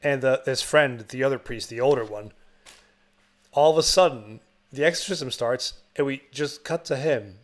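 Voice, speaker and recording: A man's voice: medium pitch, normal speed. A man co-hosting a podcast, retelling a film in casual chat with laughs and swearing. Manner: animated, laughing storytelling, frequent swearing. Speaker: podcast co-host.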